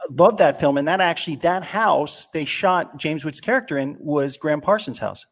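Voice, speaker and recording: A man in a casual chat, eagerly sharing movie trivia in quick asides. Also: a little high. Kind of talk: casual chat about old films.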